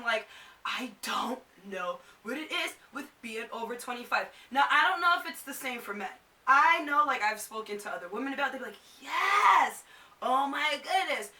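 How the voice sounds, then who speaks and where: A woman's voice: fairly high pitch, sharp tone, recorded from a distance. A woman in her twenties chatting to camera as a vlogger, casual and full of "like". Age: 20s. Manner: chatty, fills with "like". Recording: echoey room, a bit off mic.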